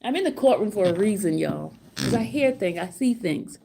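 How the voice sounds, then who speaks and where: A middle-aged woman vlogging casual commentary outside a courtroom, excited and laughing, repeating herself. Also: medium pitch, moderate pace, vocal fry, breathy edge. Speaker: trial vlogger. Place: outside a courtroom, hallway area.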